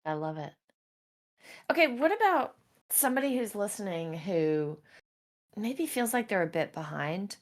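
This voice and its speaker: A woman hosting a podcast, asking questions in a playful, lively way. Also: mid-range voice, measured pace, long pauses. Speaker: podcast host. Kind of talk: casual interview talk.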